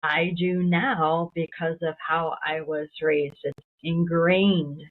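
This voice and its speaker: A middle-aged woman co-hosting a podcast, talking reflectively and drawing out key words slowly. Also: low-pitched, level tone. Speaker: podcast co-host. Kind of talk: casual conversation. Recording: tinny phone-like sound.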